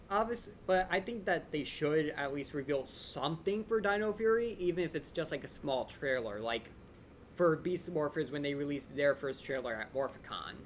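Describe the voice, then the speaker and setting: Young guy streaming a live q&a, talks fast and excited, voice kinda worn, bit of hiss behind. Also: fairly high pitch. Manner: fast, excited fan rambling with many "like" fillers. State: voice a bit drained. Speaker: channel host answering viewer questions.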